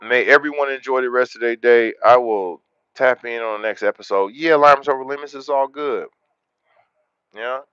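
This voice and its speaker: A man hosting a casual livestream, talking to viewers in a relaxed, slangy way. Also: medium pitch, moderate pace, smooth, no room sound, muffled recording. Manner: laid-back, slangy, talks straight to chat. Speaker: livestream host.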